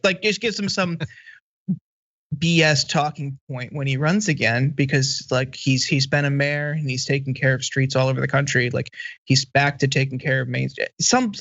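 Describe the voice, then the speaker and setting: A man in his thirties weighs in as a guest on a political talk show, blunt and dismissive, often stumbling and restarting. His voice sits a little high. The sound is dry and slightly muffled. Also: a bit bright, no room sound. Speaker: guest commentator. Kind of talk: casual political commentary.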